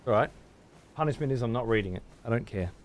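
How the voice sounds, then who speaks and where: A man's voice: medium pitch, animated, fast. An Australian man streaming a game live, ranting and swearing heavily while he talks to his chat. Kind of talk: live gameplay commentary.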